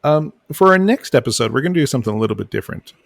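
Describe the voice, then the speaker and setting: A man's voice: mid-range voice, lively intonation, rapid-fire, vocal fry, no echo. A man co-hosting a podcast in casual chat who stammers, repeats his words and pokes fun at himself. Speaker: podcast co-host.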